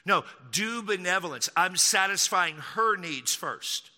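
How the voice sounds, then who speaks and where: A pastor from Texas preaches with emphatic stress, often repeating key lines. His voice is high and very bright, and it rings with the long reverb of a large hall. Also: animated, measured pace, few pauses. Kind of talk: sermon.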